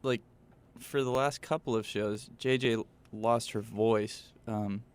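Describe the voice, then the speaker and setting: A man's voice: lowish voice, fairly even intonation, slow, smooth. A man who plays guitar in a band, joking dryly while being interviewed in a radio studio. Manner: dry, joking. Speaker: guitarist and backup singer. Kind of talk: casual interview chat.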